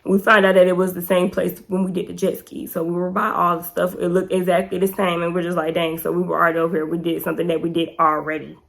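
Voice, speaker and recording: A woman's voice: on the low side, flat delivery, fast, gravelly, few pauses. A young adult woman, animatedly telling a casual storytime as a vlogger and acting out quotes in a raised voice.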